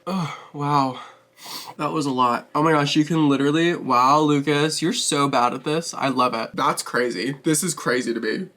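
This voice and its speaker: Man, bright clear voice, casual makeup vlog chat, expressive, curses a lot. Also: on the high side, moderate pace. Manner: chatty and expressive, swears freely, laughs often. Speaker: beauty vlogger host.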